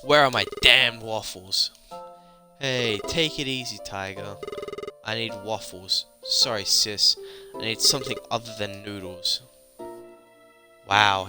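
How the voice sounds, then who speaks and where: A man reading the part of a gruff, protective big sister who makes teasing threats. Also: fairly low pitch, natural voice. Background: game music.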